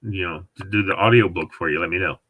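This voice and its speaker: A man's voice: sits low, fast talker, fairly bright tone, breathy edge. A man hosting a casual chat, rambling and chatty, often trailing off mid-thought.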